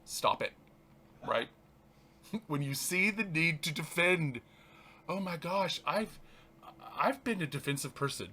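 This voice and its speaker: A reverend hosting his show reads a spiritual text aloud and comments on it, his voice on the high side with a breathy edge. He's animated but halting, often restarting and laughing.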